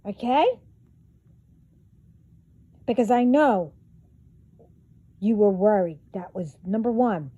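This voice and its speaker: A woman's voice: mid-range voice, slow pace, pauses often, dark tone, no echo, muffled recording. A woman vlogger delivering a profane, confrontational rant straight to her viewers. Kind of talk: angry rant to camera.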